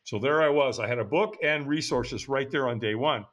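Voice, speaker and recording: This man in his sixties, from the United States, speaks in a mid-range, fairly bright voice at normal speed. As a podcast guest, he tells his life story candidly and bluntly, swearing casually.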